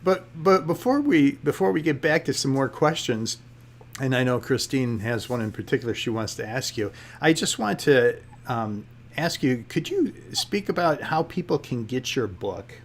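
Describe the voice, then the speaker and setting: Friendly guy cohost, easy laugh, mid pitch voice. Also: lively intonation, normal speed, slight background noise. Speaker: co-host. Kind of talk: casual interview talk.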